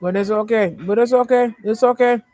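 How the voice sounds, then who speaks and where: A man's voice: high-pitched, brisk, darkish tone, soft background music. A man delivering a rambling, stream-of-consciousness spiritual monologue to his followers, often repeating himself. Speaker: vlogger.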